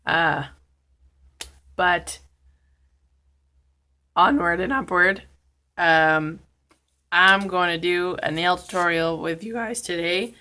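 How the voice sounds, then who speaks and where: A young woman from Canada hosting a casual nail tutorial vlog while sick and in pain, speaking quietly and rambling with many fillers and apologies. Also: on the low side, steady tone, slow pace, pauses often. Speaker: host of a nail art channel.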